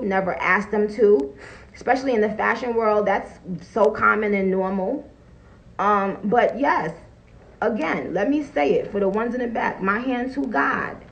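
A woman with a gravelly voice full of fry, chatting casually on a phone livestream from home. She is blunt and swears freely. She laughs often and stops mid-thought to greet her viewers. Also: mid-range voice, poor audio. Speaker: live streamer greeting viewers.

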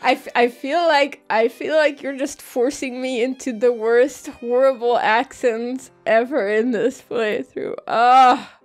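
A woman's voice: a little high, steady tone, measured pace, hardly any pauses, a little mellow. A woman co-hosting a game playthrough, talking hesitantly and running herself down. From Germany. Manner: self-deprecating, hesitant, stammers. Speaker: let's play co-host. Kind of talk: casual game commentary.

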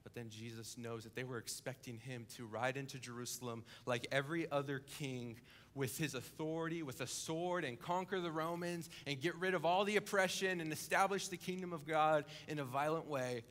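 A young adult coordinator preaching a sermon in church, telling a story vividly, dropping to a hush and then building to emphasis. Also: male voice, fairly high pitch, normal speed, few pauses. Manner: vivid storytelling, acting out the characters; swings between hushed and emphatic. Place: church service, live-streamed.

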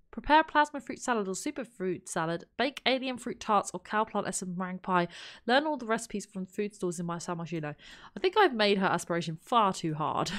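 A woman's voice: medium pitch, a bit bright. A woman giving chatty let's play commentary, thinking aloud and exclaiming at what happens in the game. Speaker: gaming channel host.

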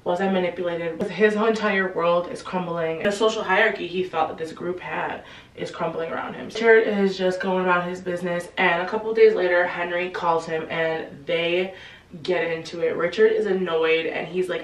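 A chatty young-sounding woman with a fairly low voice tells a story in casual slang, jumping into quick impressions of the characters. She sits a little back from the mic in an echoey room. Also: steady tone, distant mic. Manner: chatty, slangy, acts out quotes in quick bursts. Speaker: book explainer. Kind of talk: casual book recap. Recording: roomy echo, a bit off-mic.

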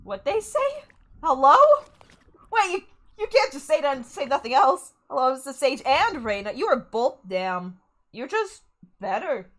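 A young woman from Saskatchewan chatting excitably while streaming a game, often squealing and laughing. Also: high-pitched, measured pace. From Saskatchewan, Canada. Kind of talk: live gameplay stream chatter.

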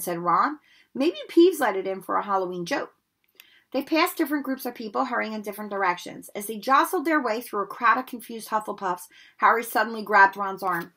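Bright-voiced woman reading a story aloud. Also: brisk, breathy edge. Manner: expressive, lifts her voice high for the boys' lines and drops low for suspense. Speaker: read-aloud narrator. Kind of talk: storybook read-aloud narration.

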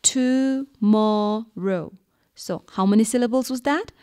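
A woman teacher from Bhutan leads a lesson for young children, drawing out each word slowly and asking cheerful questions. Her voice sits a little high and is recorded dry and close. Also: sing-song, darkish tone, no room sound. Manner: slow, clear, drawn-out words for young learners; encouraging, asks questions and answers them.

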